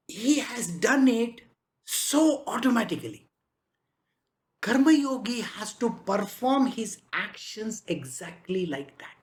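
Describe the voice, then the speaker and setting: A woman's voice: on the high side, very animated, slow. A woman spiritual teacher giving a conversational spiritual discourse, chatting along with frequent rhetorical questions.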